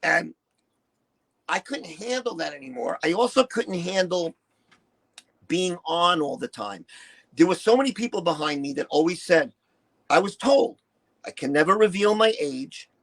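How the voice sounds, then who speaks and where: A man in his sixties, a retired performer telling candid stories in an interview, profane and animated, acting out what people said. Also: high-pitched, moderate pace, long pauses, low-quality recording. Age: 60s. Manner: profane, animated, acts out quotes. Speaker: interview guest, retired shock-rock performer.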